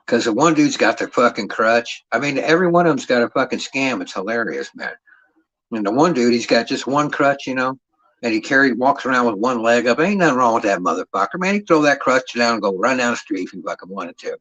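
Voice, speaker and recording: A man's voice: medium pitch, lively intonation, brisk, a bit bright, poor audio. A man hosting a livestream, telling stories to his chat in a profane, rambling, streetwise way. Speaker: livestream host. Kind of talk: casual livestream storytelling.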